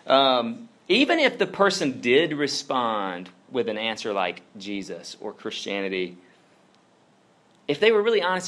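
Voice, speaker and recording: A man's voice: medium pitch, a bit bright. A man preaching a casual, conversational sermon, telling stories with lots of "like" and "you know". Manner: chatty, filler-heavy storytelling with lots of "like". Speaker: pastor.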